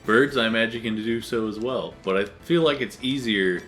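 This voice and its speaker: A man's voice: medium pitch, moderate pace, fairly bright tone, soft background music. A young man co-hosting a game playthrough, chatting casually and acting out voices in his stories. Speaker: let's play co-host. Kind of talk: casual gaming chat.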